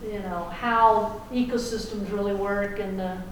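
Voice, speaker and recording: A woman's voice: mid-range voice, fairly even intonation, measured pace, a little hiss or hum. A woman teacher giving a classroom lecture, folksy and chatty, checking in with the class. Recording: echoey classroom from far off.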